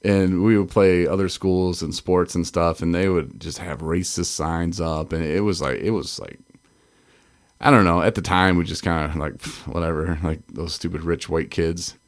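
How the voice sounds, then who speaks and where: With a low voice, fairly even intonation, and normal speed, this Michigan co-host of a recovery podcast chats casually. He rambles, laughs frequently, and keeps breaking off to restart his thoughts.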